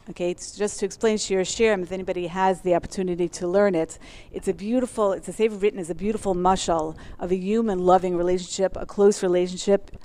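A woman teaching a religious class, talking fast and eagerly as she works through her source sheets. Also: mid-range voice, steady tone, a little mellow.

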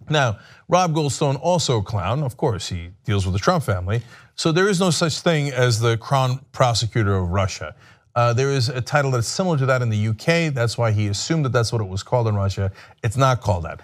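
Sarcastic, animated male commentator. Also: mid-range voice, a little fast. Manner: sarcastic, mocking. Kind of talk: political commentary.

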